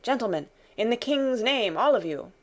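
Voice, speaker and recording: A woman voicing a gruff, wary male coach guard who barks out challenges. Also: fairly high pitch, expressive, normal speed, voice pushed up, natural voice. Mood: alert. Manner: barking, challenging shouts.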